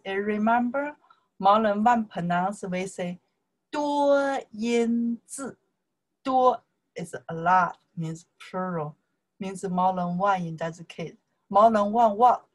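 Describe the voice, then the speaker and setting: A woman with a Chinese accent teaching Chinese, speaking English as a second language and patiently repeating words and tones. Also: medium pitch. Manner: slow and patient, repeating words and tones, often checking with "okay" and "right". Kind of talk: slow casual language lesson.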